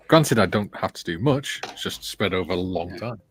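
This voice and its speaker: A man's voice: deep voice, fairly bright tone, breathy edge. A man hosting a livestream chat, teasing his co-host and reading out viewer comments. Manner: joking and teasing, reads comments aloud. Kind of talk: casual chat.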